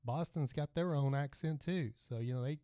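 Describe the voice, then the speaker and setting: A man's voice: on the high side, normal speed, mellow, clean tone, dry recording, clean studio sound. A middle-aged man with a light Texas twang, hosting a casual livestream podcast and rambling as he reads out viewer comments. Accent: Texan. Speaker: podcast host.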